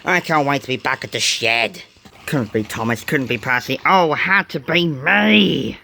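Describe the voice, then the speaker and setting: A man's voice: mid-range voice, normal speed, vocal fry, pushed and bright, a little hiss or hum. A man voicing an angry, grumbling male toy-train engine in a homemade storybook reading. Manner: ranting, snapping. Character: hot-tempered male tank engine, grumbling.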